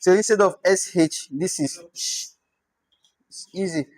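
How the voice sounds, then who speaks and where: In a rough recording, a Nigerian-accented language teacher runs a casual lesson, saying words slowly and repeatedly to model pronunciation. The voice sits in the mid range with a darkish tone.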